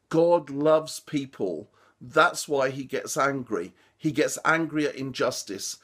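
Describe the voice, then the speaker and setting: A man's voice: medium pitch, animated, takes it slowly, a bit bright, slightly rough. A man and preacher giving a short devotional commentary on a Bible passage, earnest and informal, with restarts and fillers.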